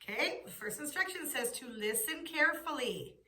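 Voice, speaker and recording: A woman's voice: high-pitched, animated, normal speed, bright, forceful tone, slight background noise. A woman teaching young children, patiently asking questions and giving the answers. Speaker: preschool teacher.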